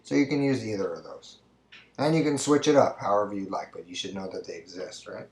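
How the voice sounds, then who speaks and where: Male teacher, lowish voice, patient step-by-step explainer, roomy recording. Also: a little fast, darkish tone. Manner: explanatory, repeats "right?" often. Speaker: Spanish teacher. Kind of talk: recorded grammar lesson.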